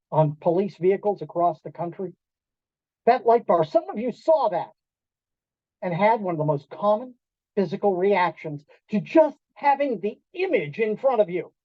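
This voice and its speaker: A high-pitched man, working as a keynote speaker, gives an animated storytelling talk to an audience in a restaurant event room, acting out quoted voices and quizzing listeners. The recording is dull, lo-fi, and dry, with no room sound.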